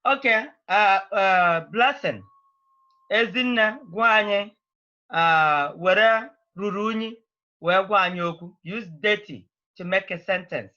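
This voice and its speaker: A woman's voice: medium pitch, slow, bright, forceful tone, muffled recording. A woman teaching a language class over a video call, speaking. She prods students patiently and repeats her phrases.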